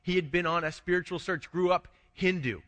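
A man's voice: high voice, fairly quick, fairly bright tone, in a large hall. A man preaching a conversational sermon as a pastor, asking rhetorical questions and restarting his phrases.

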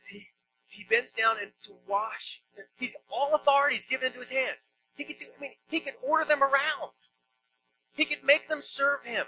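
Bright, high-voiced male pastor preaching. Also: normal speed, muffled recording, a little hiss or hum. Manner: conversational, joking asides, emphatic storytelling. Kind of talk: sermon. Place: church.

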